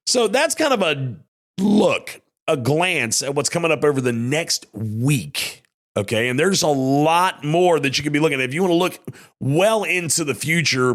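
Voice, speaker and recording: A man's voice: medium pitch, a bit bright. A man hosting a casual local podcast. He talks in an easygoing, rambling, folksy way, and his voice sounds worn and strained. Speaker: podcast host.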